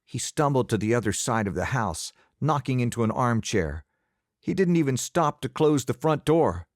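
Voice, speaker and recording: A man narrating an audiobook in the first person, measured and expressive. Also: mid-range voice, dry recording, studio quality.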